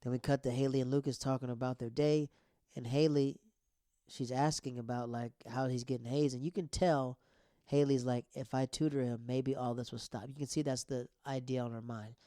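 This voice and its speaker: A young man talks through a TV episode in a loose, excitable way. He breaks in with quick asides and playful sound effects. His voice sits at an ordinary middle pitch, heard close and dry with no room sound. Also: dry recording. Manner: excitable, retells scenes with quoted lines and vocal sound effects. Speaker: TV recap show host. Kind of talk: casual episode recap.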